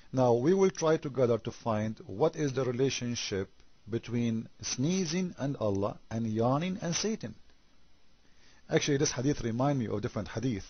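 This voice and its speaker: A man whose first language is Arabic delivers a critical commentary in a husky, slightly rough voice. He talks sarcastically and keeps piling up rhetorical questions. The sound is dry and dull, like a lo-fi recording made close to the mic. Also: mid-range voice, no room sound. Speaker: religious debater.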